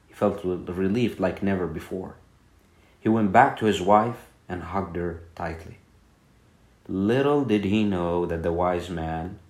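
A man narrating a bedtime story for his podcast in a calm, soothing storytelling manner. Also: low voice.

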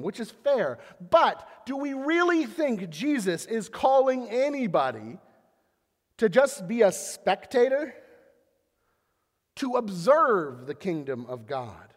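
A man delivers a sermon in a loose, conversational way, spinning everyday sports analogies into his preaching. His voice sits high for a man. The sound carries a long reverb tail, as in a church hall. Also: sing-song, takes it slowly. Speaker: pastor.

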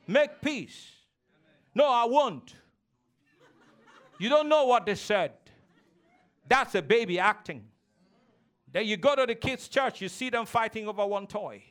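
High-voiced preaching pastor. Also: male voice, expressive, moderate pace, a bit bright. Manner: preaching with call-and-response, mimicking childish voices. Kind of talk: sermon. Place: church.

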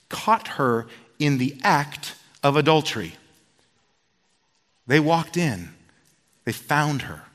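A man preaching a sermon and telling a personal story, swinging from loud outbursts to hushed tones. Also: on the high side. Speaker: pastor. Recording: long hall reverb.

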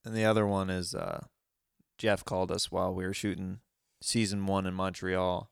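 A man's voice: low-pitched, moderate pace, vocal fry, clear, resonant tone, no room sound, clean studio sound. A man co-hosting a podcast and telling stories in casual chat, with lots of fillers and laughter. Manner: laughing, animated storytelling with many fillers. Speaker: podcast co-host.

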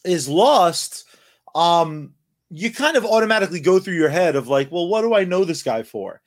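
Crude, laughing man with a high voice. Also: lively intonation, moderate pace. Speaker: podcast co-host. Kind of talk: casual chat. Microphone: remote call mic.

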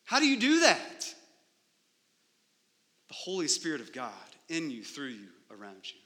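A man's voice: on the high side, huge pitch swings, unhurried, bright, forceful tone, long reverb tail. A man preaching a sermon as pastor in a church sanctuary, emphatic and full of rhetorical questions.

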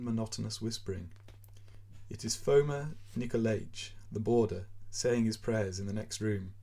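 A man reading a short story aloud for his podcast, expressive and measured. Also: lowish voice, vocal fry, breathy edge. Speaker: podcast reader.

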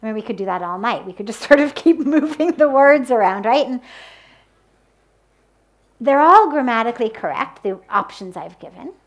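A woman giving a spiritual talk on the power of sound, speaking deliberately and using everyday examples. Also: fairly high pitch, lively intonation. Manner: slow, deliberate, with spoken examples. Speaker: spiritual teacher. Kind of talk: spoken talk on mantras.

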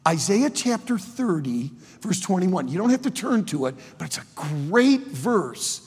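A man preaching a sermon to students, emphatic and animated, with sudden loud outbursts. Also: sits high, unhurried, breathy edge. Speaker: preacher and college teacher. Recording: long hall reverb.

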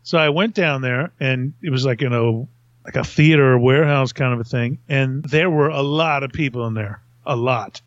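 A man's voice: medium pitch, normal speed, dry recording. Middle-aged male host, casual rambling storyteller who laughs at himself; dry, dull-sounding audio. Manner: rambling, self-mocking, laughs at own stories. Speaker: podcast host.

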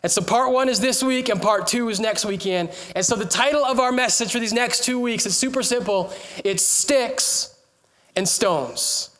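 Male preacher, high voice, casual and funny from the pulpit, calls out to the room. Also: normal speed. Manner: animated, joking, rallying the crowd. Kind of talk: humorous sermon storytelling.

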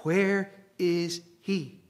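Distraught, demanding woman, put on by a male preacher in a sermon, raised pitch. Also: steady tone, drawn-out words. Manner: exasperated, pleading questions. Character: grieving, indignant woman demanding answers.

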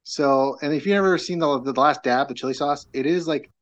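A man's voice: fairly high pitch, brisk, lo-fi sound. Rambling middle-aged man telling a story. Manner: rambling storyteller, many fillers and restarts. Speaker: podcast guest. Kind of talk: casual chat.

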